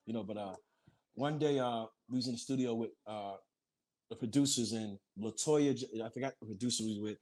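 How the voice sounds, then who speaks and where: A man casually telling stories, acting out quoted lines in a higher voice. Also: darkish tone. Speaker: group member reminiscing. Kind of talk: casual storytelling.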